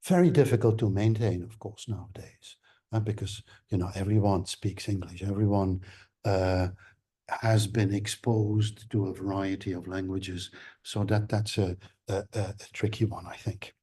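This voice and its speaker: A man lecturing at a seminar in a low, mellow, slightly husky voice. He talks in halting stretches, full of "uh" and "you know," and restarts his phrases often. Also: steady tone. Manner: hesitant, many fillers and restarts. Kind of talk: academic seminar talk.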